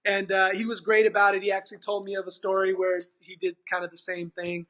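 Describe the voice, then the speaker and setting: Animated high bright-voiced man telling a story. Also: fast talker. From California, USA. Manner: animated, acts out quoted dialogue, many restarts. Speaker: after-school program manager, guest. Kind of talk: storytelling in conversation.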